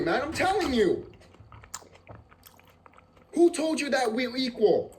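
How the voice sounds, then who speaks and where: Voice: sits high, big pitch swings, slow pace, pauses often. A vlogger delivering a profane, emphatic ranting monologue and repeating phrases for emphasis. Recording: clear background noise.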